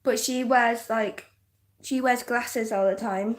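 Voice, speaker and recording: A young woman from northern England with a softened English accent, chatting casually on a livestream, giggly and full of "like" fillers. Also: fairly high pitch, fairly even intonation, slow. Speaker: livestream host. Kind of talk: casual livestream chat reading comments.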